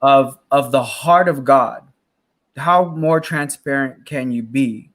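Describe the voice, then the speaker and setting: A male host with an average-pitched voice reflects on faith in a relaxed interview. He circles his point, restarting phrases as he thinks aloud. His tone is conversational and sincere. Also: slow. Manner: reflective, with restarts and repeated words.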